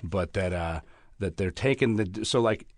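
A man with a low voice talks through ideas casually on a podcast, halting and restarting as he goes. The sound is dry and close, with no room around it. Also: darkish tone, dry recording. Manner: rambling, halting explanations with restarts. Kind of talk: casual chat.

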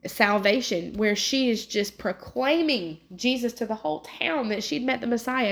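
A woman's voice: a little high, animated, moderate pace, gravelly, few pauses. A woman, reading scripture aloud and then talking earnestly and emotionally about it as a devotional prayer leader. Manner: earnest, emotional, with many restarts.

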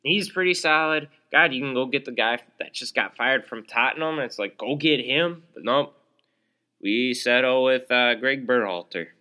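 A young man hosts his own podcast solo, ranting in an exasperated, sarcastic way, full of fillers and restarts. His voice sits in the mid-range with a sharp tone, and he talks at a moderate pace.

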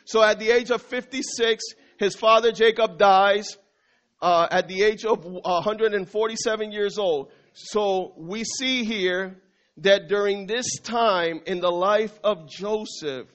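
A man's voice: sits high, unhurried, a bit bright. A male pastor preaching a sermon, emphatic and repetitive, calling out to the congregation. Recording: dull lo-fi recording.

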